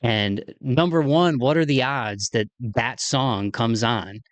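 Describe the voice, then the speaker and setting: Hosting his podcast from his home kitchen, a man delivers a casual solo monologue, telling a story in a rambling, chatty way full of fillers. His mid-range voice is slow, and the recording is dry.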